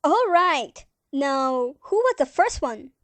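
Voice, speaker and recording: Brief: young woman as a mild old aunt, very high voice, slow and soothing delivery. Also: very animated, no room sound, full character voice. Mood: placid. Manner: soothing, gentle, says dear often. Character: sweet, calm elderly aunt, gently matter-of-fact. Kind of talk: amateur stage acting.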